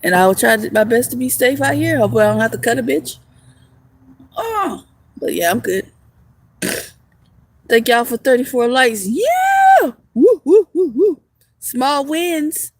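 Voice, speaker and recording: A woman's voice: on the high side, lively intonation, moderate pace, long pauses. A young woman with a Southern country twang chatting playfully with viewers on a livestream, laughing often and swearing casually. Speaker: livestream vlogger.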